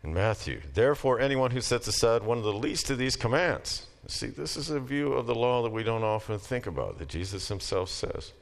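A man's voice: medium pitch, expressive, a little fast, creaky, hardly any pauses. A middle-aged man giving a casual lecture, moving between plain talk and emphatic readings of scripture. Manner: conversational, reads passages aloud with rising emphasis.

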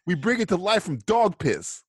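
A man's voice: sits high, big pitch swings, moderate pace, breathy edge. A man riffing on a bad movie as co-host of a casual review podcast, joking and laughing a lot.

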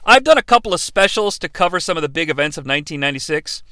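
A man's voice: on the high side, expressive, rapid-fire, pushed and bright, dry recording. A man in his thirties hosting a comedic wrestling review podcast, playful and sarcastic. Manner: playful, sarcastic, jumps into impressions. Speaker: podcast host.

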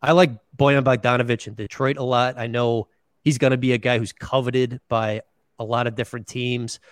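A man's voice: mid-range voice, level tone, fairly quick, dry recording, studio quality. A man, a sports beat writer, answering questions in a casual podcast interview, often hedging with "you know, like".

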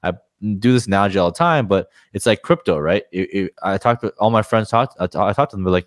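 Man, very deep voice, dry close mic, casual frank podcast guest, rambling. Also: animated, fast talker, hardly any pauses, no room sound.

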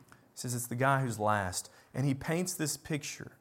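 A man delivering a sermon in a fairly high voice. He talks in an animated way, rising to loud, emphatic lines and then dropping to quiet ones. Now and then he slips in a sarcastic aside. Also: moderate pace. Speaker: preacher.

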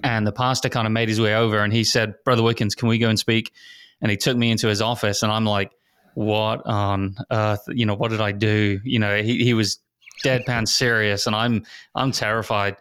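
A man's voice: lowish voice, flat delivery, brisk, a bit bright, clear, resonant tone, no echo, studio quality. A man, a missionary pastor, telling ministry stories with earnest, self-deprecating humor in a round-table talk. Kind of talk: reflective conversation among pastors.

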